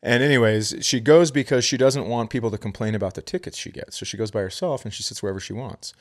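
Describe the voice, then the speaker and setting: A middle-aged man from Minnesota, co-hosting a comedy podcast and telling animated stories with quick impressions. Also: mid-range voice. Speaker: podcast co-host. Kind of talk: casual comedic storytelling.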